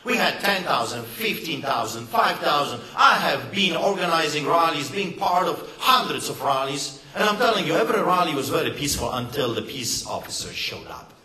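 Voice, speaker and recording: A man delivers an impassioned political rally speech, emphatic and sarcastic. His voice sits a bit high and sounds bright and forceful. It bounces around a roomy, echoey hall. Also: lively intonation, normal speed, hardly any pauses. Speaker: rally speaker. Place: event hall.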